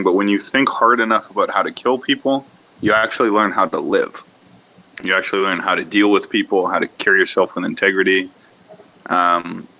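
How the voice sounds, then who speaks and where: Deep-voiced man lecturing on a podcast. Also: pushed and bright, dull audio. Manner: rambling, lecturing, thinks aloud with fillers and restarts. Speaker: podcast host. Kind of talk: casual podcast discussion.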